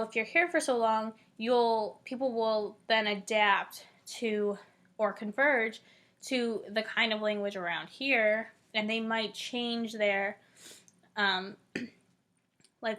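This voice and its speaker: Her voice is fairly high and a bit bright, with a steady tone and a slow pace. She's a Northeast Ohio college student in her twenties, chattily explaining a theory and filling her speech with lots of "like" and "um."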